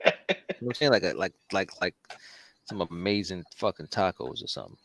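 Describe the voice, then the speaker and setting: A man's voice: sits low, big pitch swings, brisk, fairly bright tone. A man co-hosting a casual drawing stream, telling loose, profane stories with big swings in his voice. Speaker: comic artist co-host.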